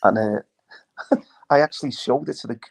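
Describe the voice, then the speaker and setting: A man's voice: medium pitch, measured pace, vocal fry, slightly rough. An older man, a former footballer telling stories in casual chat, quoting people as he goes. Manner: storytelling with acted quotes. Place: live online chat.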